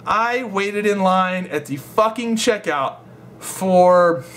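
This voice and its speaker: A man's voice: high voice, fairly bright tone, a little hiss or hum. A young man telling a rambling, swear-filled story in a casual vlog. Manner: rambling, swears a lot, laughs while telling. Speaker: gaming vlogger.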